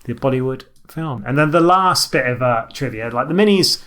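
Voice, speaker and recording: A man's voice: medium pitch, expressive, moderate pace, a bit bright. Man sharing film trivia. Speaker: movie podcast co-host. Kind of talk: casual chat.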